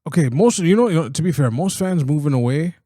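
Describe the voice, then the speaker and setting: A man's voice: a little high, animated, fast talker, mellow, dry recording, studio quality. A man co-hosting a podcast, joking and laughing through casual sports banter, often repeating his words. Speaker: podcast co-host.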